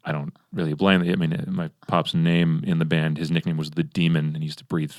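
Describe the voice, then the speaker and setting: A young man from Los Angeles talking as a podcast guest in a relaxed, rambling way, full of fillers and restarts. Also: rumbling low, fairly quick, no echo, studio quality. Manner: laid-back, rambling with many fillers and restarts; does exaggerated impressions in anecdotes. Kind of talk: casual conversation.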